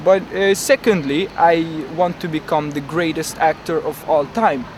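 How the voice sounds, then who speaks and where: Man playing a high-voiced, boastful dreamer, rambling over loud street noise. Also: normal speed, lightly acted. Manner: rambling, boastful, full of fillers. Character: grandiose, dreamy young man with big ambitions. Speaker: interviewee. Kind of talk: comedic street interview. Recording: outdoor traffic noise.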